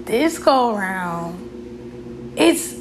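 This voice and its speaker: A woman's voice: mid-range voice, sing-song, drawn-out words, noisy background. A woman hosting her own show, talking openly and with feeling about her life, with frequent fillers and restarts. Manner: candid and emotional, with fillers and restarts. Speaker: podcast host. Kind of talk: casual personal talk.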